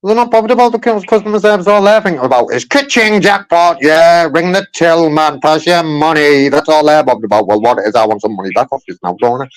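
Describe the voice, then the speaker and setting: A man's voice: on the high side, expressive, fast talker, few pauses, no room sound. A man on a phone call pressing a customer service agent over his complaint, repeating himself insistently and peppering his speech with "man" and "mate". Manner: insistent, repetitive, keeps saying "man" and "mate". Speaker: caller making a complaint.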